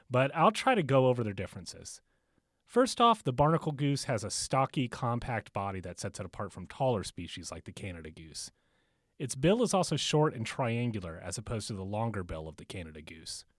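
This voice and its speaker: A man hosts a podcast in an easy, rambling way, laughing at his own jokes between fillers. His voice sits at a middle pitch and is recorded dry and close, in a bookstore. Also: no echo. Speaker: podcast host. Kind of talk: casual podcast monologue.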